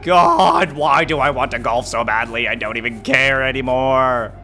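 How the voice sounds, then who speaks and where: A man giving casual gameplay commentary, jumpy and excitable, yelping and muttering to himself. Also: mid-range voice, moderate pace. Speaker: gaming video host.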